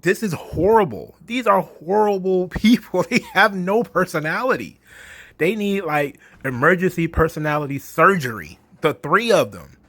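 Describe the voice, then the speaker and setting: Brief: mocking, exasperated male ranter, slightly higher voice, dry recording. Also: animated, normal speed, a bit bright, no room sound. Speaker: wrestling commentary host. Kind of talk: ranting commentary monologue.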